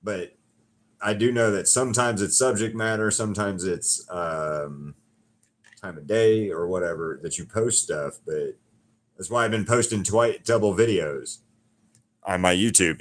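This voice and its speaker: A man's voice: low-pitched, unhurried. A middle-aged man from Alabama, chatting casually with his livestream viewers as a painter, rambling and swearing freely. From Alabama, USA. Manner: rambling, swears freely, talks straight to chat.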